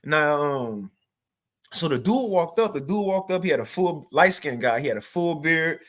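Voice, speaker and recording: A young man giving a livestreamed spiritual testimony, telling the story in an animated, repetitive way with casual slang. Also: fairly high pitch, moderate pace. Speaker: spiritual teacher sharing a testimony.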